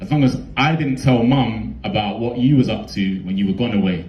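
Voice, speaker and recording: A man's voice: lowish voice, fairly quick, reverberant, dull audio, faint music behind. A young man with a London accent performing a heartfelt spoken word poem in a rhythmic, rhyming delivery.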